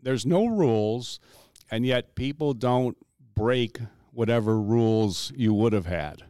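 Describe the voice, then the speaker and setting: A man in casual conversation whose pitch rises and falls a lot as he talks. He rambles, restarts his sentences and stacks up little asides. The sound is dry and close, with no room around it. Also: takes it slowly, clean tone, dry recording. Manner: rambling, with lots of restarts and lively pitch swings. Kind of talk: casual storytelling chat.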